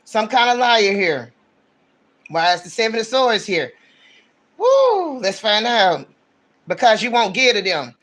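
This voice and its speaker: A man's voice: high-pitched, very animated, a little slow, pauses often, fairly bright tone. A man giving a casual livestream tarot reading, talking in a blunt, slangy, ranting way. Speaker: tarot reader.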